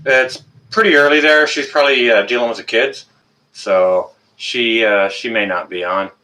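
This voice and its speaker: A man's voice: mid-range voice, moderate pace, sharp tone. A man with a Canadian accent hosting a casual live-stream chat on a webcam and greeting viewers one by one by name. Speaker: livestream host.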